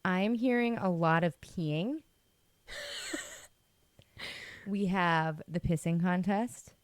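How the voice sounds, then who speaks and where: Young woman co-host, lowish voice, blunt and sweary, dry studio sound. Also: no echo. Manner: blunt, swears freely, quick reactions. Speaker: podcast co-host. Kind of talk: casual chat.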